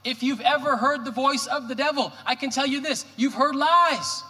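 Male pastor, animated joking sermon delivery, bright tenor voice, church hall echo. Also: very high-pitched, normal speed. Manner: animated, joking preacher with rhetorical questions. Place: church sanctuary.

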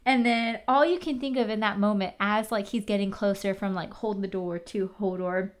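A woman in casual recap chat, animated, swearing and using many fillers. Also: mid-range voice, moderate pace.

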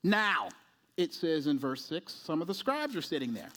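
A male pastor preaching a sermon in an animated way, acting out voices and often asking "right?". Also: fairly high pitch, moderate pace.

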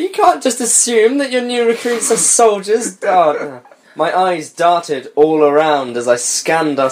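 A man's voice: fairly high pitch, a little hiss or hum. A young man reading a story aloud on a comedy podcast, breaking off for sarcastic, sweary remarks and frequent laughter.

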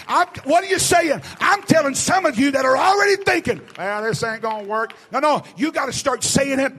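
A male pastor preaching a fervent sermon to a live congregation, building to shouted exhortations. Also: extremely high pitch, fairly quick, hardly any pauses. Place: church service before a congregation.

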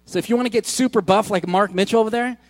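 A middle-aged man preaching a sermon as pastor, pleading and impassioned, dropping soft then shouting. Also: sits high, fast, no echo. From Korea. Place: church hall. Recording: dry close mic, faint music behind.

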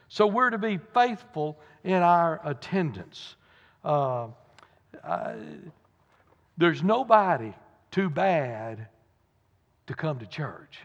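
A man preaching a sermon to his congregation, earnest and emphatic, with folksy asides. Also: a little high. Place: church sanctuary. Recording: muffled church recording with long reverb.

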